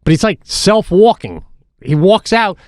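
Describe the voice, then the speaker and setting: A man co-hosting a podcast, telling a casual story in an animated way, swearing and restarting his sentences. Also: high-pitched, measured pace, no echo, studio quality. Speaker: podcast co-host.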